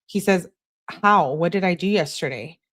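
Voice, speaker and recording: Young female true crime commentator, lowish voice, reads messages aloud and cuts in with blunt, scornful remarks. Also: moderate pace, a bit bright.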